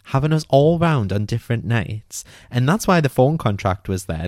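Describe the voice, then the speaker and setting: Animated British man telling a story. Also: fairly low pitch, no echo, studio quality. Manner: animated, self-mocking, swears freely. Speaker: podcast host. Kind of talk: solo storytelling podcast.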